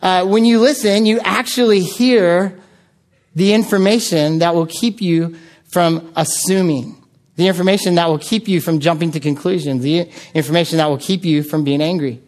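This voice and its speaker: American male pastor, higher voice, lively storytelling sermon delivery with fillers. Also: moderate pace. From United States. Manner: animated storytelling with frequent filler words.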